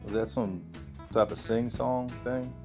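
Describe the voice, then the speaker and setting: A man co-hosting a comedy podcast, bantering in a deadpan, exasperated way. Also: medium pitch, a little slow, over music. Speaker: podcast co-host.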